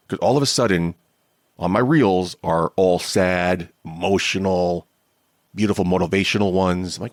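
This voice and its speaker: A man's voice: low voice, moderate pace, dry recording, studio quality. A man hosting his own podcast, talking candidly and a bit ramblingly in a casual solo monologue. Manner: candid, rambling, self-deprecating. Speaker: podcast host.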